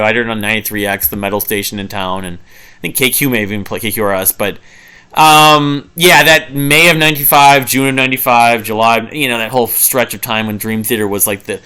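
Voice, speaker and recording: Man, forties, music reviewer; bright, forward tone, rambling and enthusiastic, hums riffs. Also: medium pitch, clear, resonant tone. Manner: rambling and enthusiastic, many fillers and restarts; hums and sings riffs to illustrate. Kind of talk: casual album review monologue.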